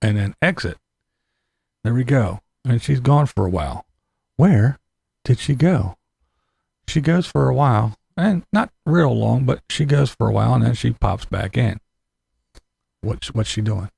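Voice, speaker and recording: Male reaction commentator, husky and sardonic, lively pitch. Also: unhurried, long pauses, dry recording. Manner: sardonic, repeats himself, laughs between remarks.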